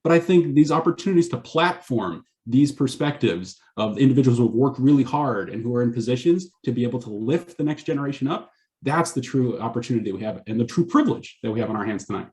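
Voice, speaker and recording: Male physician panelist, quick, animated storyteller, average pitch. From Canada. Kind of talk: panel discussion.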